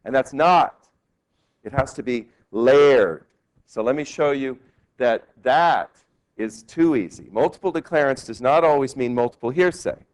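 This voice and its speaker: Male law professor, classroom lecture, lively, quizzing students, middle pitch. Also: unhurried. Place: law school lecture hall.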